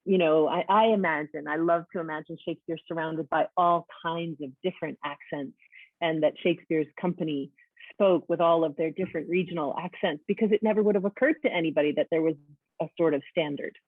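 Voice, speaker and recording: A woman's voice: deep voice, a little fast, dry recording. Woman host on a tinny line. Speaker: host, director of education. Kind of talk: webinar discussion. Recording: dry, tinny phone-like line.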